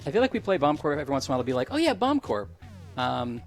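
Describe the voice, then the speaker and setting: A man's voice: medium pitch, expressive, racing, gravelly, music in the background. A man co-hosting a casual livestream, joking and playful as he chats. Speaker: stream co-host.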